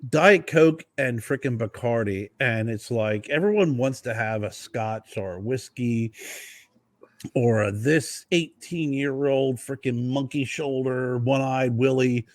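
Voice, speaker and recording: A man co-hosting a casual podcast, telling animated stories and peppering his speech with mild swearing. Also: medium pitch, a little slow, dry recording. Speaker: podcast co-host. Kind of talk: casual chat.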